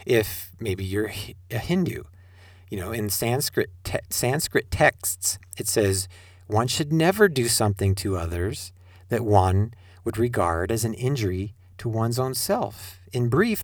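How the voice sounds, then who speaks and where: Middle-aged male preacher, animated delivery, rhetorical questions, dry close sound. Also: on the low side, measured pace, no room sound. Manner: rhetorical questions, addresses listeners directly. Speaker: spiritual teacher. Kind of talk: sermon-style talk.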